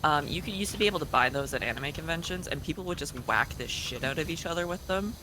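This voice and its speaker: A stream co-host who explains things in animated, casual chat. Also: medium pitch, quick pace. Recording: noisy background.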